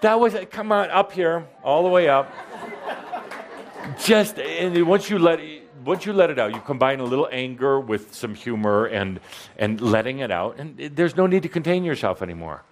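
A man's voice: medium pitch, lively intonation, normal speed, slight background noise. Man, playful provocateur, spiritual workshop leader on handheld mic, stammers and restarts. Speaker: spiritual teacher speaking as a channeled figure to a live audience. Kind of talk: interactive workshop coaching. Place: hall with live audience. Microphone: handheld microphone.

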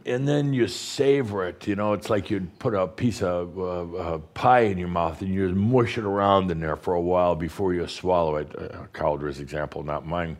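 A man, a spiritual teacher, guiding a group through deep breathing in a playful, teasing way with slow, emphatic phrasing. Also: lively intonation, darkish tone. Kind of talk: guided breathing talk to an audience.

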